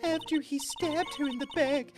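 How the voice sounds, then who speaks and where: A man voicing a sweet, fragile young woman witness who feigns distress, in a soft, trembling voice. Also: very high voice, steady tone, moderate pace, music in the background, voice pushed up. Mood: timid.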